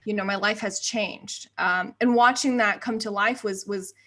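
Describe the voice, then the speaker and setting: A woman's voice: mid-range voice, moderate pace. A woman in her thirties from the United States, chatting as a podcast guest and acting out quotes as she tells stories. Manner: animated storyteller, acts out quotes. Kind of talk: casual interview chat.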